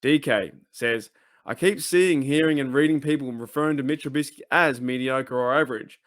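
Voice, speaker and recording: A man's voice: medium pitch, normal speed, dry recording, studio quality. Emphatic, frustrated male sports fan. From Australia. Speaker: fan channel host. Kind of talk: casual ranting commentary.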